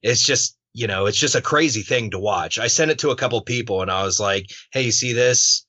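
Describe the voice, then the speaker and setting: Lower-voiced male podcast host, bright tone. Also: fairly quick, no echo. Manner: relaxed, conversational, swears. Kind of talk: casual interview chat. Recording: dull muffled podcast audio.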